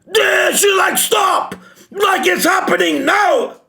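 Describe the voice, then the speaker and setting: A man reacting live to a manga chapter, emotional and shouting, swearing often. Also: very high voice, takes it slowly, vocal fry. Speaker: reaction streamer.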